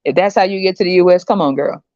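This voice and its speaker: A woman's voice: fairly low pitch, quick pace, darkish tone, dry recording. A woman hosting a podcast, talking bluntly and mockingly with plenty of profanity, in a dull, dry lo-fi recording. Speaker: podcast host. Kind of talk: casual commentary monologue.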